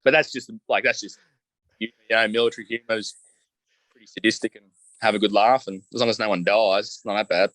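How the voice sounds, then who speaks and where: A man's voice: lowish voice, fairly even intonation, a little fast, fairly bright tone, no echo. A man with an Australian accent, a podcast guest telling stories in a laid-back, joking way with lots of casual fillers. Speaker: podcast guest, truck driver. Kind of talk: casual storytelling chat.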